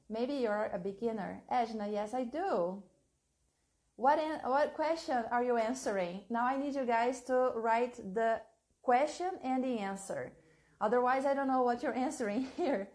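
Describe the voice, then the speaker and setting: A young woman teaching a live online English class, reading chat questions and repeating them slowly and encouragingly for dictation. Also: on the high side, darkish tone.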